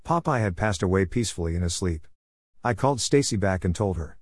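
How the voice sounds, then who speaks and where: Male narrator, low voice, calm even first-person storytelling, dry close read. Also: a little fast, dry recording. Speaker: audiobook narrator.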